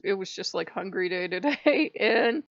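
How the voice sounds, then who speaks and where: A woman's voice: medium pitch, expressive, normal speed, vocal fry, no room sound. A woman hosting her own spiritual vlog, talking in a rambling, profane way and laughing often. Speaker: spiritual channel host. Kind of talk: casual vlog monologue. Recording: dull lo-fi, dry.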